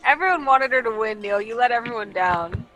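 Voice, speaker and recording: Teasing bright-voiced woman from Oregon. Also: a little high, lively intonation, fairly quick, slight background noise, rough recording. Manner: teasing, laughing, Valley Girl phrasing. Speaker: player. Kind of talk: playing a tabletop game, casual chat.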